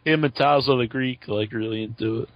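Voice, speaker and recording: A man's voice: mid-range voice, a little fast. A man hosting a wrestling talk radio show, casual and crude, joking and laughing often. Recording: dull lo-fi sound, dry.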